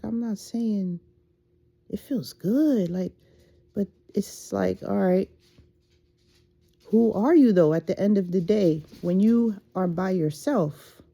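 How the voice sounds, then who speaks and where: Slow, drowsy woman with a dark voice. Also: mid-range voice, gravelly. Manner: slow, rambling, lots of fillers and self-talk. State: just woke up. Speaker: faceless content creator. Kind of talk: casual spiritual pep talk.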